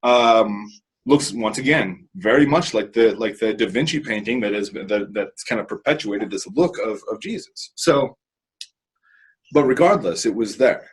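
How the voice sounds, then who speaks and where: A man's voice: fairly low pitch, expressive, unhurried, slightly rough, low-quality recording. A man being interviewed, telling a personal story candidly, rambling with many restarts and some casual swearing. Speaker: interview guest.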